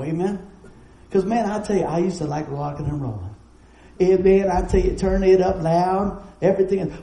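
A middle-aged man preaches a sermon in an animated, folksy style, full of stories and asides. His voice sits high but sounds dark and mellow. The sound carries the echo of a roomy church hall, with faint noise underneath. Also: normal speed, gravelly. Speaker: pastor.

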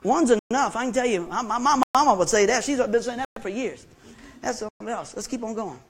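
A man's voice: very high voice, fairly quick, breathy edge. Folksy preacher man. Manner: folksy, animated, talks to the congregation with questions and laughs. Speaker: pastor. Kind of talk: sermon.

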